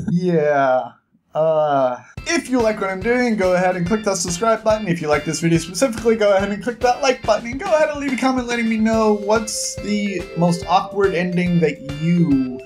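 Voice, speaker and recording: Animated book vlogger retelling a story. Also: medium pitch. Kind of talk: casual book summary.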